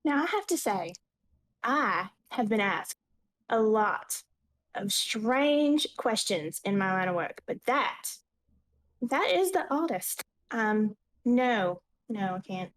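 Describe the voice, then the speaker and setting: A woman's voice: mid-range voice, expressive, slow pace. A woman playing a polite, flustered artisan. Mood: puzzled. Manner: courteous and hesitant.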